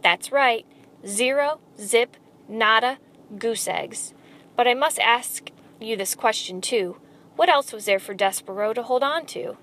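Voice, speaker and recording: Woman reading a kids book out loud, a bit high, expressive, talks right to you. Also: a little slow. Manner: expressive, addresses the listener directly. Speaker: storyteller. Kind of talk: storybook read-aloud.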